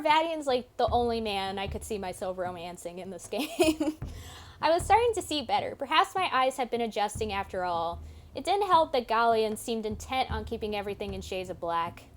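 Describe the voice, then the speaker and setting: A woman playing a visual novel, reading the narration aloud with expressive delivery and dropping casual asides. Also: fairly high pitch.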